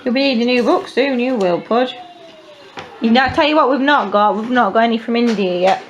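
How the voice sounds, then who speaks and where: Woman, 30s, homeschooling mum, patient chatty coaching, fairly high voice, faint background hiss. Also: a little fast, highs cut off. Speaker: homeschooling mother. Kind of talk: casual family chat. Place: family home, at a table with children.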